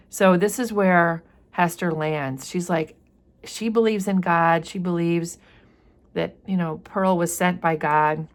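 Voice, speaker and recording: A woman teacher reading a novel aloud and stopping often to explain passages and pose questions to students. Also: on the low side. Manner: reads passages aloud, then explains them plainly with questions. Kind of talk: classroom read-aloud with commentary.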